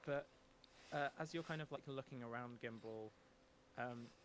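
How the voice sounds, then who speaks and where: A man's voice: medium pitch, moderate pace, a little hiss or hum. Rambling male game master. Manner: relaxed, rambling, many fillers. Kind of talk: narrating a tabletop game.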